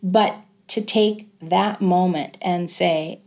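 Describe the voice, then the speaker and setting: A woman's voice: lowish voice, steady tone, darkish tone. Earnest middle-aged woman telling a story. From Southern California. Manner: earnest, reflective storytelling with many pauses. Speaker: interview guest. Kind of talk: conversational interview.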